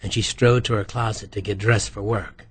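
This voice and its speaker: A man reading a novel aloud as narrator in an even, measured way. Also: lowish voice, slightly rough, no room sound. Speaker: audiobook narrator. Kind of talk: scripted narration.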